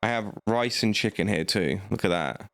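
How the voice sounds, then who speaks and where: A man's voice: lowish voice, normal speed, vocal fry, fairly bright tone, no echo, studio quality. A man, giving cocky, trash-talking commentary as he plays a card game. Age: late 20s. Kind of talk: gameplay commentary.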